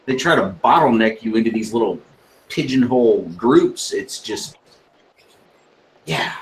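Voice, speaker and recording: A mid-pitched American man who speaks bluntly and with emphasis, stumbling through restarts before landing his point. A light room ambience sits behind his voice. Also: expressive, unhurried, a little hiss or hum, low-quality recording. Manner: blunt, emphatic, swears casually. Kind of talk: casual group chat.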